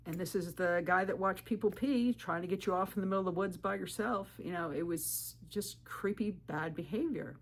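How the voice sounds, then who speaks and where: A woman telling her hiking stories to the camera in a vlog, animated and firm, jumping up in pitch when she quotes people. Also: moderate pace, few pauses. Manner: firm and direct. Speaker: thru-hiker vlogger. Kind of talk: storytelling vlog advice.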